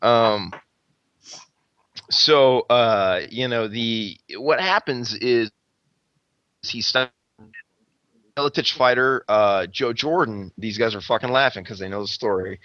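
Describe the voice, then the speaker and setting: A man's voice: medium pitch, takes it slowly, pauses often, no echo, highs cut off. A man telling a rambling, profane fight story in casual podcast chat, acting out the quotes. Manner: rambling, heavy swearing, acts out quotes.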